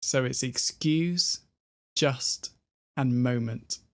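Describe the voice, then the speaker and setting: Slow, gravelly British man teaching pronunciation. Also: mid-range voice, a bit bright. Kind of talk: pronunciation lesson.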